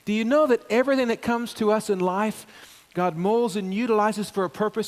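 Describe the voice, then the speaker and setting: A man's voice: high-pitched, brisk, few pauses. A middle-aged male pastor preaching a sermon in church, pressing hard on key phrases and stepping through the verses to the congregation. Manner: animated preaching, rising emphasis on key phrases.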